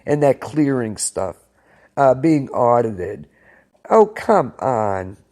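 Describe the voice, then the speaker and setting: A man's voice: medium pitch, sing-song, takes it slowly, darkish tone. A man hosting an internet radio show, talking in a rambling, hesitant way with many fillers and restarts, often sounding incredulous. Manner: incredulous, keeps saying wow. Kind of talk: casual chat.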